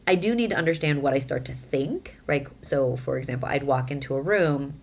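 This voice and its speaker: Low-pitched woman in her 30s vlogging, chatty, acts out little quotes. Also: brisk, few pauses. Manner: chatty, animated retelling with voiced quotes. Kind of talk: casual monologue to camera.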